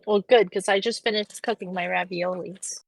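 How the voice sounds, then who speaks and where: A woman's voice: medium pitch, steady tone, moderate pace, vocal fry, dry recording. A woman co-hosting a casual podcast, asking curious questions and reacting to the stories. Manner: reactive, curious, laughs along. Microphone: headset on a remote call.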